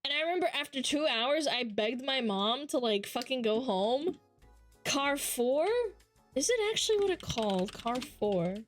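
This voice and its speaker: Young woman streamer, high and chatty, swears freely while telling stories; faint music underneath. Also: normal speed. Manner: profane, animated storytelling. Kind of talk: casual chat reading chat.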